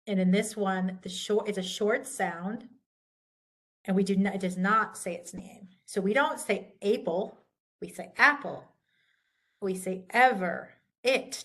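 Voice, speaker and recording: A woman's voice: medium pitch, a bit bright. A woman instructor giving a recorded lecture, patiently walking through pronunciation rules. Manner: patient, slow and deliberate, contrasting correct and wrong pronunciations.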